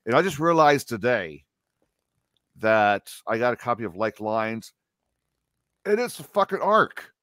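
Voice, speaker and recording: Joking podcast host, dry sound. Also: male voice, mid-range voice, big pitch swings, unhurried, long pauses, fairly bright tone, dry recording. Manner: joking, swears, laughs often. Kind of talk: casual chat.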